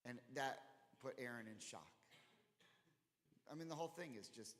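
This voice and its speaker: A man teaching an informal Torah study class in a conversational, animated way, acting out the dialogue he quotes. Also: medium pitch, normal speed. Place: temple chapel. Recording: long hall reverb.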